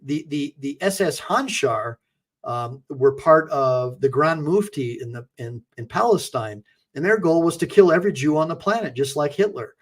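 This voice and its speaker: Ranting male attorney, slightly high voice. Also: lively intonation, moderate pace. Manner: ranting, heated rhetorical questions. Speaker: attorney and online show host. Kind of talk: livestream political commentary.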